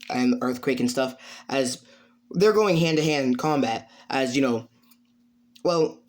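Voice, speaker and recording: Rambling male storyteller. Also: medium pitch. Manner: rambling, many fillers. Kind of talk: improvised fan story narration.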